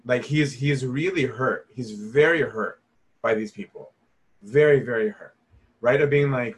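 A man's voice: medium pitch, a little slow. A man teaching scripture in a casual, conversational way, emphatic and informal, often asking "right?". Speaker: Bible teacher.

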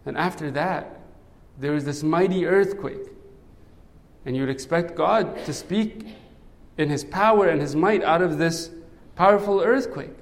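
Man, preacher, chatty sermon, keeps asking "right?", slightly high voice, echoing hall. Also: unhurried. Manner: conversational, often adds "right?". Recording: long hall reverb.

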